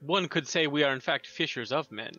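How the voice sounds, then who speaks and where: A man with a bright, edgy voice playing a tabletop game, speaking in wordy, formal phrases. His mic sounds dull and lo-fi. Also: a little high, fairly quick, faint music behind. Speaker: player.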